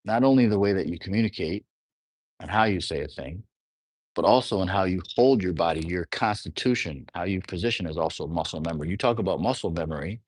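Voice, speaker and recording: Deep-voiced and fairly quick, an astrology teacher wanders through the subject in a loose, conversational monologue, frequently asking "you know what I'm saying". The recording is dry.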